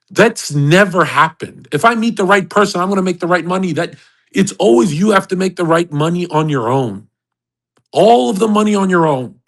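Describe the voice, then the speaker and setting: A brash man hosts an online voice chat, delivering a foul-mouthed, swaggering rant. His voice sits a little high. He mocks people constantly. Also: animated, normal speed. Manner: brash, profane, swaggering, mocking. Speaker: host of an online audio chat. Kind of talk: ranting monologue.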